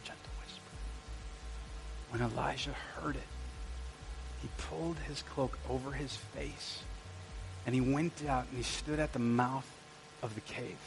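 In a church sanctuary, a male pastor tells stories in a conversational sermon, speaking directly to the congregation with asides. His mid-range voice is gravelly and steady, measured in pace with long pauses, and there's background noise.

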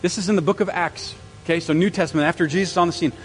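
A male pastor preaching a sermon in an animated way, repeating phrases for emphasis with stumbling restarts. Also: high-pitched, rapid-fire, long reverb tail, soft background music, rough recording. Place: church service.

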